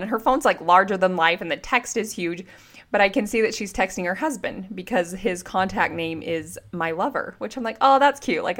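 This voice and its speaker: This podcast host and relationship coach, a woman in her thirties with a fairly low pitch, delivers a casual solo monologue. She tells stories in a chatty, animated way, filling her talk with "like".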